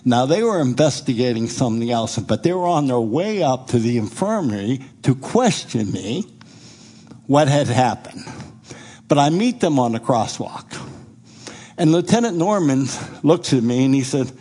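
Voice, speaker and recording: A middle-aged man with a husky voice tells his testimony from the pulpit like a storyteller. His pitch swings up and down as he acts out the people in his story. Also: normal speed. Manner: animated storyteller who acts out quoted speech. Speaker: preacher giving a testimony.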